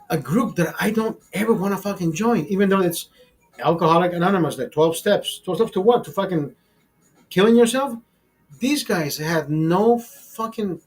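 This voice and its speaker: A young man, the host, telling a long casual story in a rambling, heavily profane way. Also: on the high side. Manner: profane, rambling, mimics voices.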